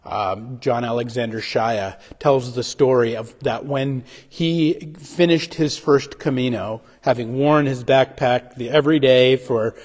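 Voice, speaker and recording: A male pastor delivers a short midday reflection in an unpolished, halting way, circling back and restarting his phrases. His voice sits at an ordinary middle pitch. The sound trails off in a long reverb, as if streamed from a church sanctuary. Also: a little mellow. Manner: halting, full of restarts and fillers. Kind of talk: sermon reflection. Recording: livestream with long hall reverb.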